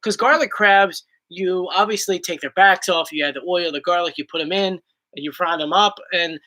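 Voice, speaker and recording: A man's voice: sits high, normal speed, bright, forceful tone, rough recording. A young man hosting a casual chat, rambling playfully and reading viewer questions aloud. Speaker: YouTube host.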